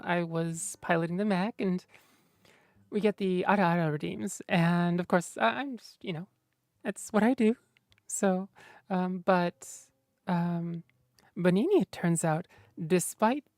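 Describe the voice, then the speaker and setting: A woman's voice: fairly low pitch, a little mellow, dry recording. Playful woman streamer chatting casually. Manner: playful, teasing. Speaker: streamer reading chat. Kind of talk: casual livestream chat.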